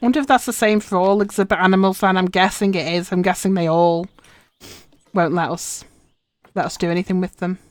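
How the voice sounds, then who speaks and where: A woman with a fairly low, steady voice talks fairly quickly as she casually commentates her live game stream, muttering instructions to herself while playing. There's no echo.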